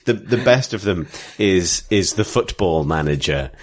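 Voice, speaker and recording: A man co-hosting a podcast in casual chat, rambling and giggling, now and then bursting into loud impressions. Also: low voice, lively intonation, measured pace. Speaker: podcast co-host.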